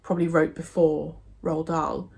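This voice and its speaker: A woman's voice: low-pitched, level tone, measured pace, creaky, a little mellow, slightly rough. A young woman from England chatting casually and enthusiastically about books she read, with many fillers and restarts. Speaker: book vlogger. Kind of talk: casual book review chat.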